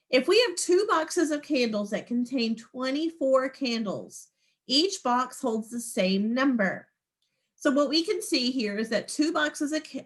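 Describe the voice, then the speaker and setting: A woman's voice: sits high, fairly bright tone. A woman teaching a math class over a video call, patient and encouraging as she explains each step. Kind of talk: online class lesson.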